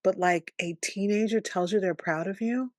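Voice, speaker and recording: A woman's voice: medium pitch, moderate pace, no room sound, clean studio sound. A woman podcast co-host chatting casually, teasing her partner and chiming in with encouraging remarks. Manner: teasing, lively interjections, encouraging. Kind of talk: casual chat.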